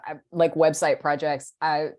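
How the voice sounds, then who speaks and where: A woman with a slightly low voice co-hosting a relaxed podcast conversation. She rambles, restarts her sentences and leans on fillers as she thinks aloud. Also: a little slow. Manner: rambling, filler-heavy, self-interrupting. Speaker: podcast co-host. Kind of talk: casual chat.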